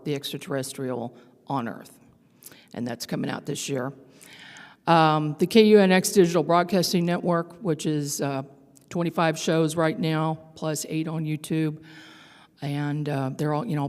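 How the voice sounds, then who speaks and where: An older woman with a low-sitting, a little mellow voice gives a storytelling conference talk. She speaks conversationally, using fillers and restarts. The large conference hall leaves a long hall reverb on the recording.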